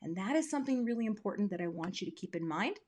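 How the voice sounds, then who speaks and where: A woman's voice: medium pitch, expressive, fast talker, darkish tone. Woman, craft teacher, casual live tutorial, playful self-deprecating asides, webcam audio, home craft room. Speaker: craft teacher hosting a livestream.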